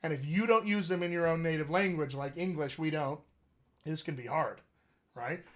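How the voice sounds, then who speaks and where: A man's voice: fairly high pitch, moderate pace, a bit bright. A man hosting a live accent Q&A as a dialect coach, teaching with emphatic enthusiasm. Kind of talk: live Q&A session.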